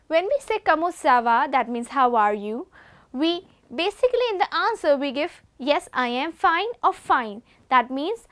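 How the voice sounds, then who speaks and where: A woman with an Indian English accent, an assistant professor giving a lesson on French greetings and repeating each word slowly. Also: high-pitched, a bit bright. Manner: slow repeated pronunciation drills. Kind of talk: classroom lesson.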